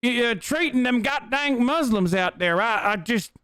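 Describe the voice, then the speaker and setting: A man voicing a mocking caricature of a hypocritical, aggressive bigot in a high, sneering parody voice. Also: expressive, measured pace, pushed and bright, smooth, dry recording, studio quality, heavily acted.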